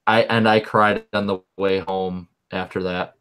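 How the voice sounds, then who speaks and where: Low-voiced young man chatting animatedly. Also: a little slow, clear, resonant tone. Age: young adult. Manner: animated, rambling, repeats words when excited. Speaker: podcast co-host. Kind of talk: casual chat.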